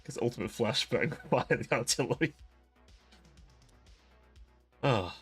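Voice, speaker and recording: A man's voice: medium pitch, lively intonation, brisk, a bit bright, husky. Young guy streamer rambling to chat, keeps giggling, desk mic, bit of music underneath. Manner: giggly, rambling, self-deprecating. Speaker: livestream host. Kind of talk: casual chat with live chat.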